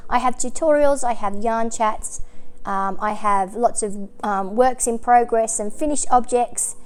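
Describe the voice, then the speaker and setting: Aussie lady chatting about yarn stuff to camera, clear smooth voice, lots of ums. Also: a little high, a little slow. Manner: chatty and rambling, frequent ums and self-corrections. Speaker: crochet and knitting channel host. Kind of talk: casual chat to camera.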